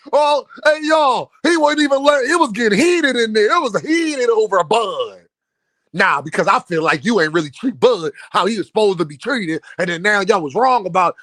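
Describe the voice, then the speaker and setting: Loud profane boxing livestream host. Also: male voice, sits high, expressive, dry recording. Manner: rowdy, profane, repeats words in rapid stammering runs. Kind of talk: casual boxing talk livestream, reading super chats.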